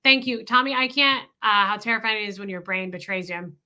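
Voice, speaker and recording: A woman with a bright, forward voice co-hosts a casual livestream. She is effusive and warm, reading out comments and speaking directly to her audience. Her voice sits at an ordinary pitch for a woman. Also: fairly even intonation, brisk, rough recording. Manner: effusive, talks straight to viewers. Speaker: co-host.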